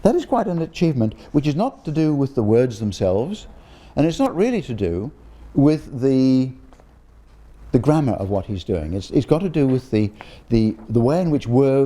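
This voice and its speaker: The guest speaker, an older linguistics professor, chats informally before a roomful of guests in an expressive, warm, mid-range voice at normal speed. He's friendly and digressive, frequently starting over and filling gaps with "um."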